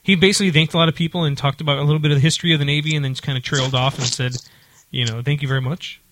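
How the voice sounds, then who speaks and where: A man's voice: on the high side, steady tone, very fast, noisy background. A man telling a long story in casual chat, with lots of fillers and restarts. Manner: rambling, many fillers and restarts.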